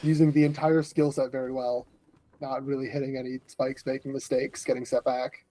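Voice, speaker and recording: A man co-commentating a speedrun, observant and quick to praise details. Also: medium pitch, little pitch movement, warm tone, rough recording. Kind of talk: casual game commentary.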